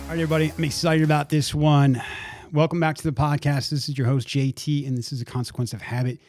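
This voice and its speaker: A man's voice: a little high, little pitch movement, fast talker, darkish tone, faint music behind. A man hosting a podcast, giving an earnest introduction and then interviewing his guest, often repeating words as he gathers his thoughts. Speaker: podcast host.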